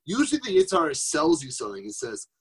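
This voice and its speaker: Husky man giving a casual Torah talk. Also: on the high side, wildly swooping pitch, quick pace, poor audio. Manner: conversational, rhetorical questions, Yiddish and Hebrew terms. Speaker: Torah teacher. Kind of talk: informal Torah talk on a group call. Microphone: phone.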